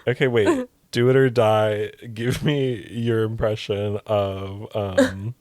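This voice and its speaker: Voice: mid-range voice, steady tone, takes it slowly, darkish tone. A young adult co-hosting a podcast, casually teasing and prompting the other host. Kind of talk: casual chat.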